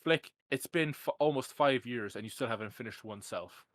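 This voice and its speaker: A man's voice: mid-range voice, moderate pace, fairly bright tone, dry recording. A man hosting a casual podcast interview, teasing his co-host and often restarting his sentences.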